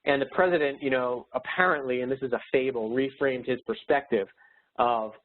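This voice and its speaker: A man's voice: mid-range voice, steady tone, normal speed. Man coaching over tinny, phone-like audio. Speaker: speaker and educator. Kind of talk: motivational webinar presentation.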